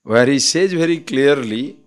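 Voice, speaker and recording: Slow, deliberate Indian swami. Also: male voice, medium pitch, expressive, clean tone. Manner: deliberate, explanatory, asks the listeners rhetorical questions. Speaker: swami, spiritual teacher. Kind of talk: spiritual discourse on scripture.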